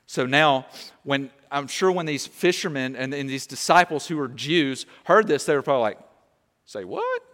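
Animated young male preacher in a hall. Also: medium pitch, normal speed. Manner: animated, conversational preaching with frequent "okay?" and "like". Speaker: pastor. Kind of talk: sermon.

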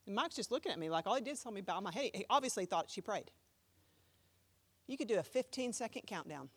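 A woman pastor preaching a sermon with animated storytelling, acting out the voices of the people she quotes. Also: medium pitch, fast, husky, long reverb tail.

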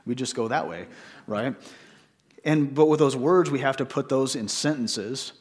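A man's voice: mid-range voice, unhurried, darkish tone. A man preaching a sermon in church, conversational, with many rhetorical questions to the congregation. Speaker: pastor.

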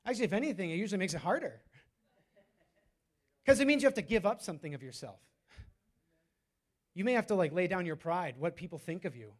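A man's voice: high-pitched, lively intonation, quick pace, pauses often. A man preaching a sermon in a loose, conversational way, with many fillers and restarts. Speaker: pastor.

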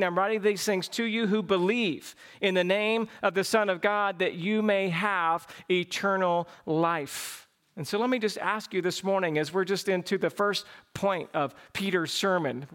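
Male pastor with a high voice for his sex, preaching with fervent build-ups and closing in prayer. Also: moderate pace. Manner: fervent preaching, climbing to excited exclamations. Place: church service.

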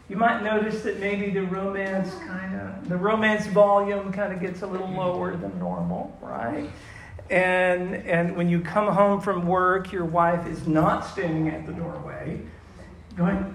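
Pastor, male, higher voice with some gravel, chatty and questioning, big echoey room. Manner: conversational, questioning the audience, repeats himself. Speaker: pastor teaching a church class. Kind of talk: interactive sermon. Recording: roomy echo with faint room noise.

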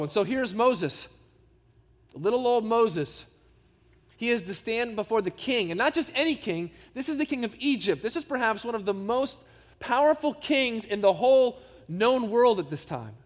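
A man's voice: extremely high pitch, animated, moderate pace, in a large hall. A man preaching a sermon as pastor. He speaks earnestly and emphatically and addresses the congregation with rhetorical questions.

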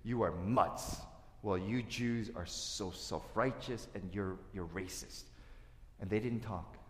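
Pastor preaching in an echoey hall. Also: male voice, on the low side, slow. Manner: storytelling, lively asides and acted-out quotes. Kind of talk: sermon.

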